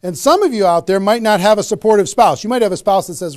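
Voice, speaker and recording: A man with a noticeably high speaking voice delivers a sales training talk. He hammers home his points by repeating phrases and keeps checking in with his listeners. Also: quick pace, few pauses. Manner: emphatic, repeats key phrases, frequent "okay?" check-ins. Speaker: network marketing trainer.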